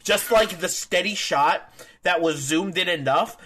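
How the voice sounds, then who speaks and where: A young man co-hosting a wrestling podcast, talking in an animated, laughing way with lots of "like" fillers. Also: high-pitched, unhurried, slight background noise. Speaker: podcast co-host. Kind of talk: casual wrestling podcast chat.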